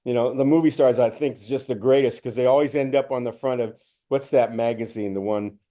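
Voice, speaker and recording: A man's voice: steady tone, brisk, mellow. Man giving a reflective spiritual talk. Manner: acts out his own inner voices, rising to a strained high pitch. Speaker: spiritual teacher.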